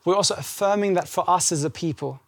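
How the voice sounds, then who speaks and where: High-voiced man preaching a lively sermon. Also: fast, creaky. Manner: animated, acts out scripture dialogue. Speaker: pastor. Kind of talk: conversational sermon. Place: church service.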